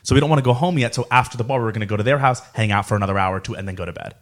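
A man's voice: fairly low pitch, racing. Young man, South Florida, casual profane storyteller. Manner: profane, animated anecdote telling with acted quotes.

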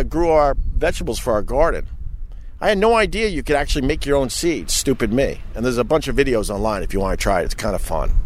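A middle-aged man vlogging outdoors in a chatty, animated way, talking to his viewers and swearing freely. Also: mid-range voice, slight background noise. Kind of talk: casual rambling vlog talk to viewers.

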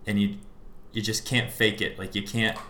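A man, a musician guest on a podcast, telling the story behind his song in a relaxed way, full of fillers. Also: on the low side, moderate pace, echoey room, slight background noise. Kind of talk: casual podcast interview.

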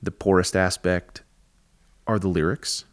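Low-voiced man co-hosting a podcast. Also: unhurried, no room sound. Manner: relaxed, jokey banter. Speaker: podcast co-host. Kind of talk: casual chat.

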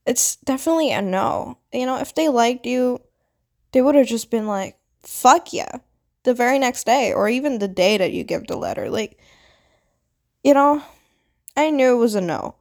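A young adult woman vlogger telling a personal story in a casual, animated way, swearing often and full of "like" fillers. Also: a little high, normal speed. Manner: animated, dramatic retelling with quoted voices. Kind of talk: storytime monologue.

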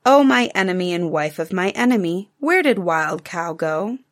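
A woman's voice: on the low side, animated, normal speed, close to an everyday voice. A woman doing a proud wily fable cat. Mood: haughty. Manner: haughty, then pleading.

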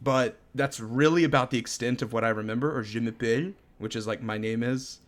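A man's voice: mid-range voice, steady tone, brisk. Chatty man co-hosting a podcast. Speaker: podcast co-host. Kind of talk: casual chat.

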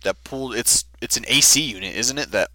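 A man's voice: medium pitch, a little fast, bright, forceful tone, dry recording. A man co-hosting a podcast, telling a story casually and animatedly with lots of fillers.

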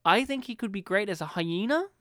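A man's voice: high-pitched, expressive, fairly quick, a bit bright, dry recording, studio quality. A man co-hosting a podcast in casual chat, joking, laughing often and slipping into silly impressions. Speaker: podcast co-host.

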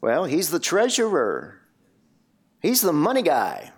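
Male preacher, slightly higher voice, expressive delivery with rhetorical questions, sermon read. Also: takes it slowly, husky. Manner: animated, rhetorical questions, varied pace.

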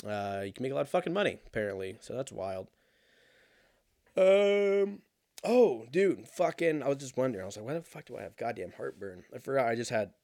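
Young man, casual rambling monologue, cursing, animated storyteller, dry close sound. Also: mid-range voice, no room sound. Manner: profane, animated storytelling, laughs at himself.

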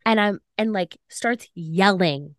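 A woman's voice: medium pitch, slow, no echo, clean studio sound. Chatty young woman telling a story. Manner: chatty, many "like" fillers, animated retelling. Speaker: podcast co-host. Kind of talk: casual storytelling chat.

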